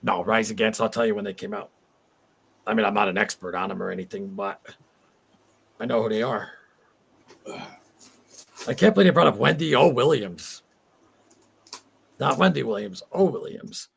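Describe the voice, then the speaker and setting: A man's voice: on the low side, moderate pace, gravelly, pauses often, a little hiss or hum. A man in his forties hosting a casual livestream chat, rambling and heartfelt as he reads viewer comments aloud. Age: 40s. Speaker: livestream host.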